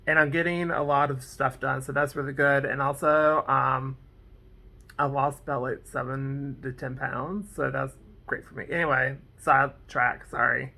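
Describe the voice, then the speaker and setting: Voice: mid-range voice, steady tone, normal speed, vocal fry, sharp tone. A vlogger casually recapping a TV episode, rambling off on tangents with lots of "like" and "um". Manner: fillers like "like" and "um". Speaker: TV episode reviewer.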